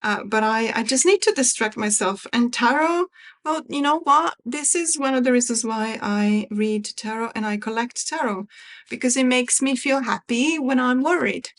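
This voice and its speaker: Fairly high female voice, chatty tarot vlogger, distracted and worried, lots of restarts. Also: moderate pace. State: worried, waiting for evacuation news. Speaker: tarot collector unboxing decks. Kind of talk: casual chat, reading card guidebook aloud.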